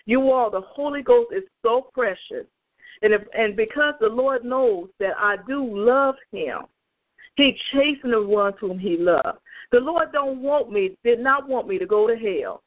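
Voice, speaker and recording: On a prayer call, a woman evangelist speaks straight to her phone listeners with fervent, emphatic testimony. She sounds animated and fairly high-pitched, going a little slowly, through a tinny line.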